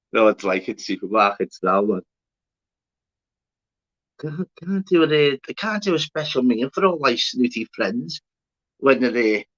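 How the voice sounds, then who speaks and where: A man's voice: on the low side, pushed and bright. A man hosting a casual livestream, rambling, swearing and bantering with viewers in the chat. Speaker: livestream host. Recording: dull lo-fi stream audio.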